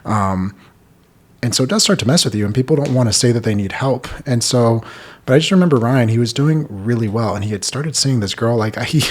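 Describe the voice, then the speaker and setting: A podcast host in his thirties tells a personal story candidly, fairly quickly and in a medium-pitched voice. His delivery is earnest and rambling, packed with "like".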